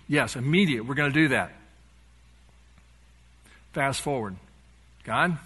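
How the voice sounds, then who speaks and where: A man's voice: medium pitch, bright, forceful tone. A male pastor preaching a sermon, animatedly retelling a story and acting out its dialogue.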